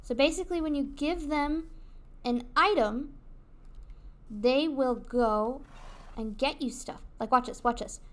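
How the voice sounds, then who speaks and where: A woman's voice: high-pitched, a little slow, long pauses. A woman streaming a video game, chatting casually with her viewers in a giggly, rambling way. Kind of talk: casual gaming livestream chat.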